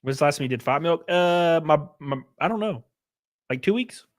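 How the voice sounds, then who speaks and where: A man's voice: fairly high pitch, expressive, moderate pace. A man chatting loosely on a live stream, swearing freely and thanking viewers by name. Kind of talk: casual live-stream chat.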